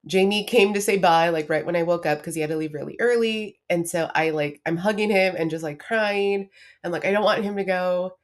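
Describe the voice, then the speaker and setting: Young woman, podcast host, low voice, candid and chatty, frequent "like"s. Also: a little fast. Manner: candid and confessional, lots of "like" and restarts. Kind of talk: casual personal monologue.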